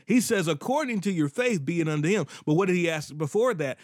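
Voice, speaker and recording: A man's voice: fairly high pitch, animated, fairly quick, dry recording, clean studio sound. A man preaching a podcast sermon, repeating phrases for emphasis and breaking into sudden whoops and exclamations.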